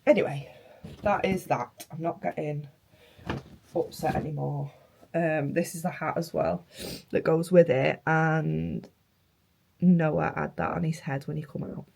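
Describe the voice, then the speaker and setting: A young woman vlogging casually, emotional and halting, her voice hoarse from flu and tonsillitis, sometimes dropping to near-whispers. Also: deep voice, fairly even intonation, darkish tone, slight background noise. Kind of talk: casual vlog chat.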